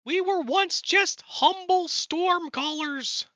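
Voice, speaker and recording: A woman voicing a boastful male goblin leader, proclaiming grandly in a high squeaky voice. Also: slow pace, bright, forceful tone, no echo, heavily acted. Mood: grandiose.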